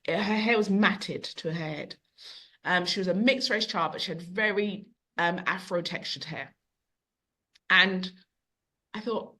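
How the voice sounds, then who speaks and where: A middle-aged woman who owns a bookshop, speaking as a podcast guest and telling long, animated stories. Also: fairly low pitch, unhurried. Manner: animated, long-winded storyteller who acts out quotes. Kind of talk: conversational storytelling.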